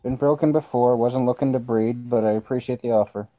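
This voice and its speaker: A man's voice: medium pitch, steady tone, fairly quick, warm tone, no room sound. A man speaking in character as a player in a tabletop role-play, laid-back and wisecracking. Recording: dull lo-fi mic.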